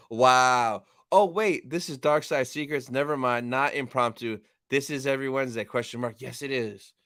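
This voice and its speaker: A man's voice: medium pitch, steady tone, brisk, few pauses, a bit bright, no room sound, clean studio sound. Chatty man hosting a live stream. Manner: reads chat aloud and thanks viewers, upbeat and chatty. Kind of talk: casual live stream chat.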